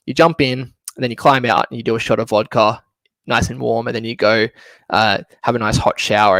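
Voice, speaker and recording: Guy presenting travel slides online, easygoing and chatty, fry in the voice, dry close sound. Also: mid-range voice, a bit bright, no echo. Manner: casual, chatty, laughs often. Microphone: computer mic for an online session.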